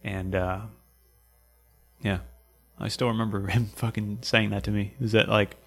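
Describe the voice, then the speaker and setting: Low-voiced Canadian guy, rambling and profane storyteller over faint music. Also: flat delivery, a little slow, gravelly, a bit bright. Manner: rambling, profane, repeats words while searching. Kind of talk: casual storytelling chat.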